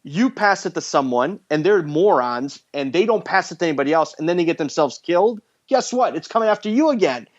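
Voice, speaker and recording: In dull, lo-fi podcast audio, a man with a fairly high pitch talks a little fast and with few pauses. As the host, he casually retells a horror movie plot, animatedly voicing the characters' lines himself.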